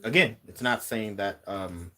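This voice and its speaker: Low-voiced man giving a musing tarot reading. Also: measured pace, pushed and bright. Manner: musing, repeats words while searching for messages. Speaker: tarot reader. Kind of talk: casual spiritual reading to viewers.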